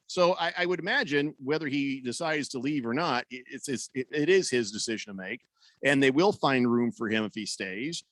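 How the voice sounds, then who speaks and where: A man's voice: mid-range voice, animated, normal speed, fairly bright tone, dry recording. A man hosting sports talk radio, ranting and sarcastic as he riffs on team news and reads listener comments.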